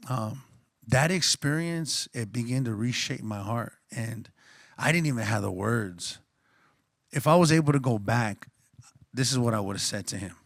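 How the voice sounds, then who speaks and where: A man's voice: medium pitch, creaky, no echo, studio quality. A man on a conference panel telling a personal story in an earnest, reflective, slangy way. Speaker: panelist and coffee shop co-owner.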